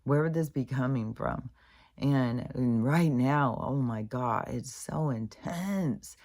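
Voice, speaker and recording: Low-voiced rambling woman vlogger. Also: slow, darkish tone. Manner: chatty, meandering, full of fillers and asides, swears freely. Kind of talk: rambling casual monologue.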